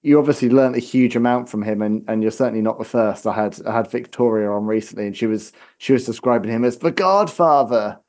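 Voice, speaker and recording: A man hosting an interview, asking measured, searching questions. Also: mid-range voice, a little mellow. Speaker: interview host.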